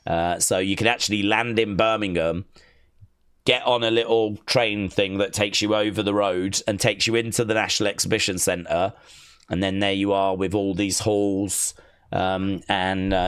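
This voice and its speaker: Lowish-voiced male streamer, casual and rambling, reads chat comments aloud. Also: a bit bright, smooth. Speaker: wrestling watch-along streamer.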